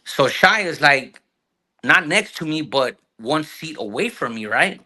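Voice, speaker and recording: A man's voice: fairly high pitch, measured pace. A man in his thirties with a South Los Angeles accent, a guest telling slangy, profane stories in a casual interview. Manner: slangy, profane, animated storyteller who acts out quotes. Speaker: guest actor.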